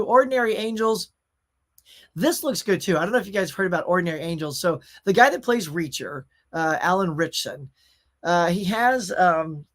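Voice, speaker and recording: A man's voice: high-pitched, fairly bright tone. A middle-aged man hosting a casual pop culture show, chatting and reading viewer comments in a rambling way with fillers.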